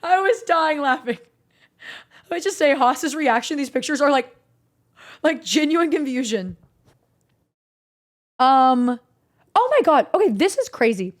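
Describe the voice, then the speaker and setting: A young woman streamer casually recapping stories to her chat, animated and swearing freely. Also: sits high, unhurried, long pauses.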